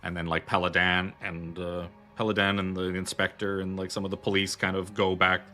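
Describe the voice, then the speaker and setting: A man's voice: low-pitched, monotone, brisk, bright, forceful tone. A man narrating as game master of a tabletop horror game, rambling loosely with many fillers.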